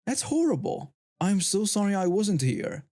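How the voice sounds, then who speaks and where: Man doing an anxious gushing teen girl, storybook tale, high and lively. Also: normal speed, no room sound, studio quality. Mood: shocked. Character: caring teenage girl, a best friend.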